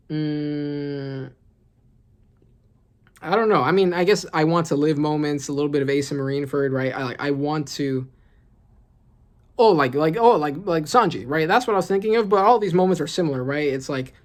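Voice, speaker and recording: A host reading comic panels aloud and reacting excitedly in casual commentary, often asking "right?". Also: medium pitch, normal speed, long pauses. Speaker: manga reaction channel host.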